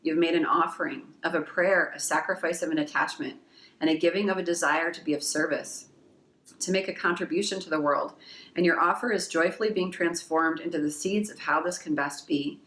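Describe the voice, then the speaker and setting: A woman's voice: low-pitched, steady tone, a little fast, a bit bright, echoey room. A woman giving a casual pick-a-card tarot reading. She reads oracle card messages aloud and gushes with emotion, swearing casually along the way.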